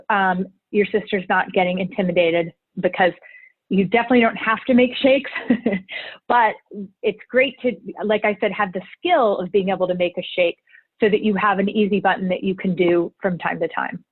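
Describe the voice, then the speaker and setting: Woman hosting a live video class, upbeat, reading chats out loud, tinny phone-like sound. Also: mid-range voice, slightly rough. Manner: upbeat, reads viewer chats aloud. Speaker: cleanse program host. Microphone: video call. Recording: tinny phone-like call audio.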